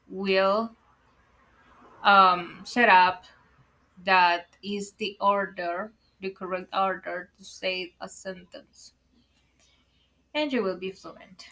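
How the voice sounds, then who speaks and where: A woman with a medium-pitched, pushed and bright voice teaches English online, carefully explaining word order to viewers she addresses as "guys." English is her second language, and she repeatedly warns them to be careful; the recording is rough.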